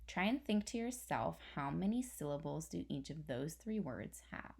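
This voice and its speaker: A woman's voice: sits low, very animated, normal speed, gravelly, a little mellow, slightly rough. A young woman teacher patiently explaining a spelling lesson step by step to her class. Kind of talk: recorded online spelling lesson.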